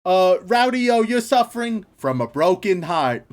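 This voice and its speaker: A man's voice: sits high, very animated, unhurried. A man co-hosting a podcast in casual comedic chat, teasing his partner as he runs a game segment. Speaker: podcast co-host.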